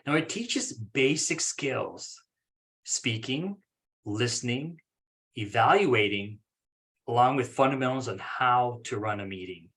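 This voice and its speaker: A man's voice: medium pitch, lively intonation, slow, a bit bright. A man on a video call presenting a course plan at an online speaking club meeting, casual and self-deprecating. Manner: casual, self-deprecating, acts out examples in different voices.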